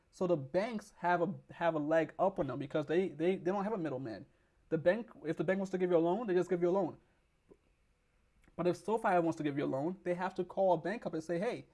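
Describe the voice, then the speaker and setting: A man hosting a stock market video, hoarse from losing his voice, rambling with restarts as he reads news aloud and explains it. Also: high-pitched, warm tone. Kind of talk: casual explainer with screen reading.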